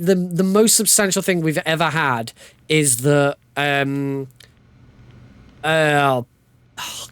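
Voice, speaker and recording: A man's voice: on the high side, smooth, no room sound. A man giving casual, joking live commentary while playing through a video game speedrun. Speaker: speedrunner streamer. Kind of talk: live commentary over gameplay.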